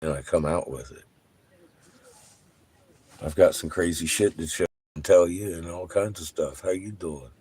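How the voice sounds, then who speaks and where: Vlogger, male, low husky voice, loose and excitable, swears a lot. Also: moderate pace, pauses often, no room sound. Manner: animated, laughs often, swears freely. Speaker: channel host. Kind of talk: casual monologue to viewers.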